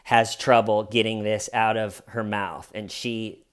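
A man giving sarcastic, comedic true-crime commentary as a host, telling the story with animated jabs. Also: on the low side, a little slow, smooth.

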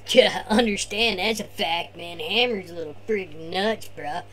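A man's voice: high voice, moderate pace, fairly bright tone, soft background music. A man voicing his laid-back surfer-dude cousin, who drawls slacker talk and tags bruh and man onto every line.

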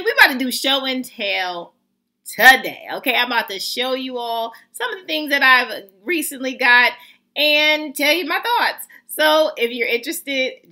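A woman hosting a casual fragrance review vlog, chatty and excitable, greeting her viewers as family. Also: high-pitched. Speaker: fragrance vlogger host.

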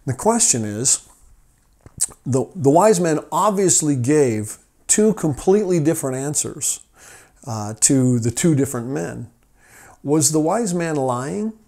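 A man's voice: fairly high pitch, animated, a little slow, warm tone. A man hosting a rescue mission podcast from his office, telling a parable in a friendly, hesitant way with many fillers. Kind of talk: storytelling devotional talk.

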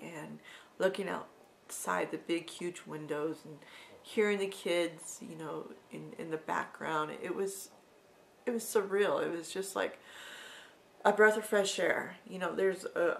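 Woman with a gravelly low voice. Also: a little hiss or hum. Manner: emotional, halting, drops to soft whispers. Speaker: vlogger. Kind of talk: personal storytelling vlog.

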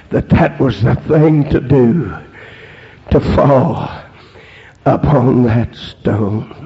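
A male preacher delivering a holiness sermon. He marks phrases with "amen" and swings from hushed storytelling to shouted peaks. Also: mid-range voice, drawn-out words, long pauses. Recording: dull lo-fi sermon recording.

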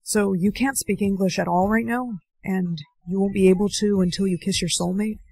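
A young woman acting out comedy skits with bright, emphatic reactions. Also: mid-range voice, steady tone, moderate pace, vocal fry, husky, dry recording. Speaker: skit performer.

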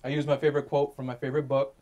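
A man's voice: medium pitch, little pitch movement, rapid-fire, dark tone, dull audio. A man, the groom, reading his wedding vows in a light, joking manner. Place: outdoor wedding venue.

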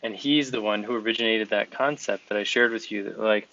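Male podcast host, earnest and encouraging, bright tone, dull dry recording. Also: on the low side, fairly quick. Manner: earnest, encouraging, talks in long flowing sentences. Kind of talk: conversational interview. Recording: dull, slightly lo-fi sound.

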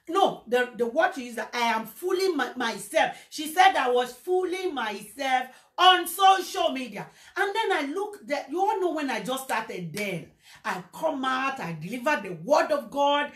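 A woman with a Nigerian accent telling a personal story in a casual livestream, animated and slipping into Pidgin. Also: high-pitched. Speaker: social media presenter. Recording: echoey room.

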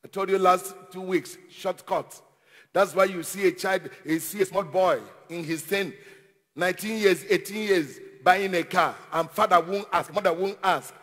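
A man preaching a sermon as pastor, with call-and-response and repeated phrases that rise into shouted declarations. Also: sits high, normal speed, long reverb tail.

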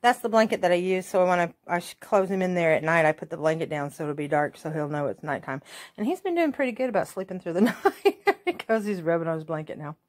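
A playful Southern woman in her forties cooing at her pet in a sing-song voice that swoops high and low. She laughs easily and chats casually at home. It sounds like a phone recording. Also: very animated, quick pace, darkish tone. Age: 40s. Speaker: crafting vlogger. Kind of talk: casual home video chat. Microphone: phone held in hand.

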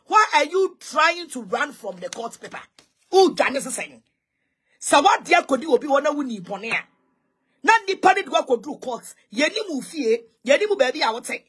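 A Ghanaian online commentator rants heatedly on social media, taunting with repeated mocking questions while switching between English and Twi. She sounds very animated, high-pitched and fairly bright, speaking at a normal speed.

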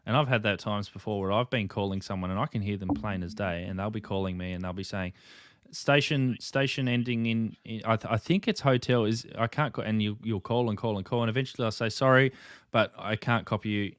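A man's voice: fairly low pitch, steady tone, quick pace, hardly any pauses, dry recording, clean studio sound. A man hosting a casual chat, easygoing, reading viewer comments aloud. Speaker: host.

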